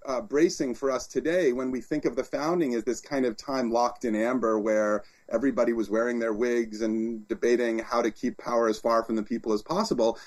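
A man, an author and guest, talking in an interview as an animated storyteller with frequent restarts. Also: mid-range voice. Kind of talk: interview conversation.

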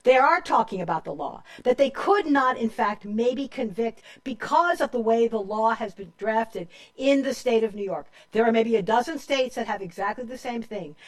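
A woman hosting a panel discussion, emphatic and quick to cut in as she hands the floor to guests. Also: on the high side. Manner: emphatic, interrupting, moderating. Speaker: panel host.

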